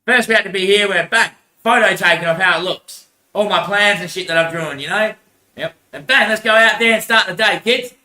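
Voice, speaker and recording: High bright rambling man. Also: fairly quick, echoey room. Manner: rambling, repetitive, laughs often, swears, says "mate". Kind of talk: rambling monologue.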